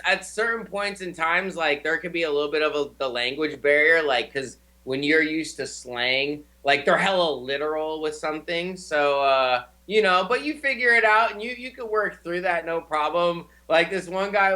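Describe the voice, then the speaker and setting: A young man hosting a casual chat, telling stories in a slangy, swearing, animated way. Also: a little high, moderate pace, few pauses. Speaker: show host.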